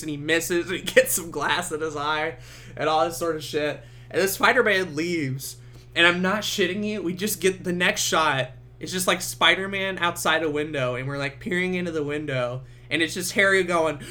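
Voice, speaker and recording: A young man hosting a podcast, giving a casual movie review full of swearing and laughter. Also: fairly high pitch. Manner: swearing, laughing, animated storytelling. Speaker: podcast host.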